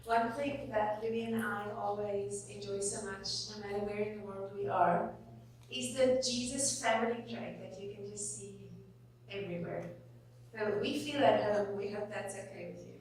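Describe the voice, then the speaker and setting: A woman giving an earnest, expressive sermon as a guest preacher, building to dramatic pauses. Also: mid-range voice. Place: church hall. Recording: echoey hall from far off, faint hum.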